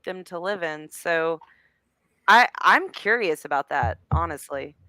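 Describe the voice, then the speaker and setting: A woman's voice: lowish voice, expressive, bright, forceful tone, dry recording. A woman co-hosting a fan podcast, chatting casually and taking her time to find her words. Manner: unhurried, searching for words. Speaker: podcast co-host.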